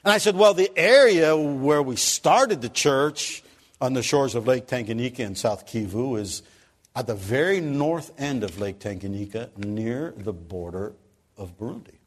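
A man preaching a sermon, telling a story with animated swings from loud emphasis to soft, quiet lines. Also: medium pitch, a little slow.

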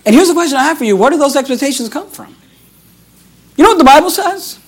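A man with a very high voice preaches a sermon as pastor. He is emphatic, repeats his phrases and acts out the voices in the scripture. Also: animated, fast talker.

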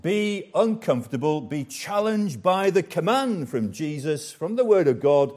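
A man preaching a sermon as pastor, slow and emphatic, with dramatic pauses and repetition. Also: a little high, sing-song, a little mellow.

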